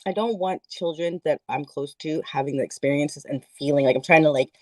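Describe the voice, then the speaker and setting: A woman with a slightly low voice hosts a casual live chat, giggling often and asking loose, curious questions. Her voice sounds dry and close. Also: fairly quick, no echo. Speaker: host. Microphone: video call.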